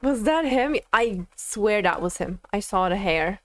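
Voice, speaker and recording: A woman's voice: mid-range voice, expressive, a little slow, fairly bright tone, no echo. A young woman streaming a game and reacting, giggling, flustered and gushing in casual commentary.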